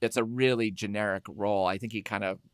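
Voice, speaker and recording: A man's voice: fairly low pitch, fast talker, clear, resonant tone, dry recording. Man in casual film chat, close and dry. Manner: animated storyteller who acts out quotes.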